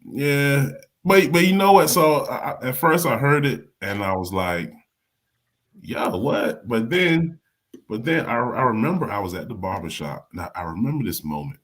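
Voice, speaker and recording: A man hosting a casual political chat, talking in an animated way, repeating words and acting out quotes. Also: medium pitch, normal speed. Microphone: live stream mic.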